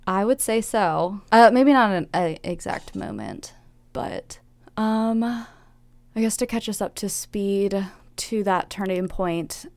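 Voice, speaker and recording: A woman's voice: mid-range voice, expressive, a little mellow. A young woman being interviewed about her life, talking candidly and reflectively, often acting out what was said. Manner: candid, reflective, with quick laughs and acted-out quotes. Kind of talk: personal life-story interview.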